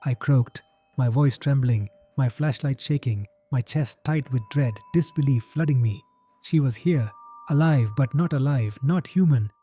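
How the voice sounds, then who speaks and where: A man's voice: mid-range voice, a little slow, dark tone, husky, soft background music. A man narrating a first-person horror story in tense, clipped phrases.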